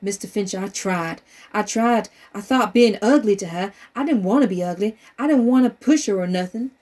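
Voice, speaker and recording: Casting: a woman putting on a timid young male witness, drawl, halting and deferential, set back from the mic. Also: medium pitch, a little mellow, recorded from a distance, close to an everyday voice. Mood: earnest. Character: frightened young male witness on trial, polite and pleading.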